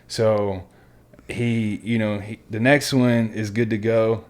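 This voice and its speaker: A man's voice: fairly low pitch, takes it slowly. A young adult man hosting a casual chat, telling a profane bootcamp story and acting out the voices in it. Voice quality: profane, animated storyteller who acts out quotes. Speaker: podcast host.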